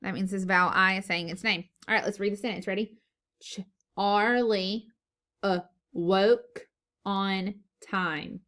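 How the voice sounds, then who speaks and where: A woman teacher leading a phonics lesson for young children, slow and encouraging, sounding out words syllable by syllable. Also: medium pitch, steady tone, bright, forceful tone. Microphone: recorded lesson video.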